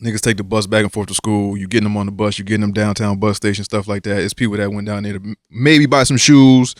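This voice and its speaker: A man's voice: on the low side, steady tone, quick pace, dry recording, studio quality. A man hosting a podcast, asking questions in a laid-back, casual way and often murmuring agreement. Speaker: podcast host. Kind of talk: casual interview chat.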